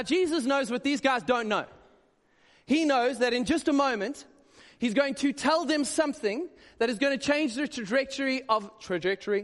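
High-voiced man preaching in a hall. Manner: conversational, animated preaching with quick asides. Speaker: pastor. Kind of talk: sermon. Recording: long hall reverb.

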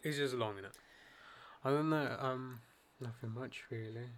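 A man's voice: medium pitch, normal speed, fairly bright tone. A young man chatting casually with a friend, laid-back, swearing and joking as he talks. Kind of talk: casual chat.

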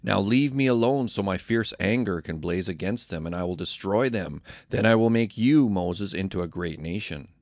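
Man doing a wrathful commanding god, low gravelly voice, raised for the part, dry read. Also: expressive, normal speed, few pauses, darkish tone, dry recording. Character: the Lord, commanding divine male voice, wrathful.

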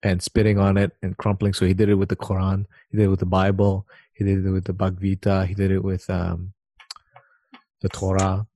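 A man's voice: low voice, completely flat delivery, fairly quick, mellow, no echo. A man with a slight lisp from a knocked tooth, chatting casually and rambling, often restarting his sentences. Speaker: conversation partner. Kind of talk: casual chat.

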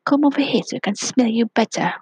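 A woman's voice: on the high side, animated, fast talker, darkish tone, breathy edge, no echo, voice pushed up. A woman voicing a greedy horse in a storybook reading, sweet-talking in a raised voice. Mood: wheedling. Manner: coaxing, wheedling. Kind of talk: storybook voice acting.

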